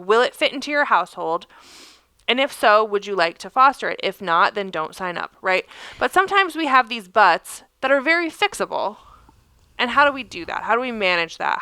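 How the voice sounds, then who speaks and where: Bright, chatty woman podcast co-host. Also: medium pitch, clean tone, no echo. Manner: chatty storyteller, laughs often. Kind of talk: casual chat.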